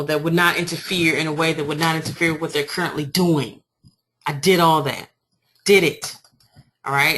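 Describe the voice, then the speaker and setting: A woman giving an informal marketing training talk, telling her story in an animated, emphatic way. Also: low-pitched. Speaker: online marketing coach.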